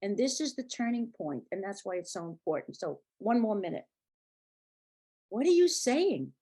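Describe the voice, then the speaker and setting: A woman reads from a novel aloud and gives each character its own voice. Her pitch swings widely and sounds animated. She pauses now and then to comment on the story in a casual way. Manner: acted, lively dialogue voices. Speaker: reader.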